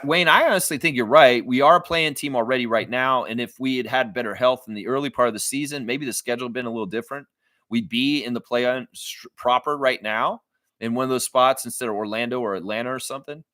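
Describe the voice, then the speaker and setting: A man's voice: mid-range voice, dry recording. A man hosting a casual live basketball reaction stream, talking loosely, swearing freely and acting out what others said. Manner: animated, swears freely, acts out quotes. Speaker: sports fan livestream host.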